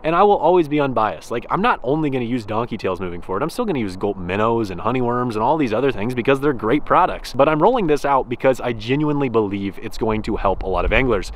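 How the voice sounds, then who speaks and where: A man hosting a fishing vlog, talking in an enthusiastic, excitable way outdoors by a snowy stream. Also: medium pitch, quick pace, hardly any pauses, a little hiss or hum. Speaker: fishing channel host.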